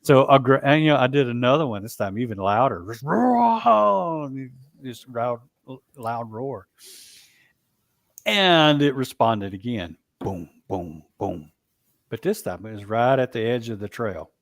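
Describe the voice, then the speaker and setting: Guy rambling through a story, keeps restarting, dry room, mid pitch. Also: dry recording. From Alabama, US. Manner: halting, many fillers and restarts. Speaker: Bigfoot researcher guest. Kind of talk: casual storytelling.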